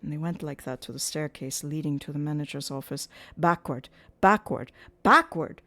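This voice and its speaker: A woman's voice: low voice, level tone, fast talker, mellow. A woman voicing an agitated male opera secretary who exclaims in rising outbursts. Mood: indignant.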